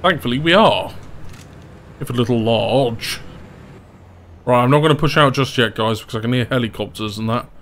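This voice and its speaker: A young man giving gameplay commentary, excitable and breaking into loud laughing fits. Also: mid-range voice, normal speed, pauses often, a little hiss or hum. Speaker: gaming YouTuber.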